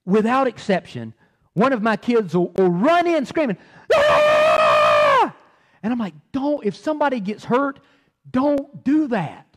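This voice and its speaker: A middle-aged man preaching a sermon, animated, repeating words and swinging between loud and soft. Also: very high voice. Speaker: pastor.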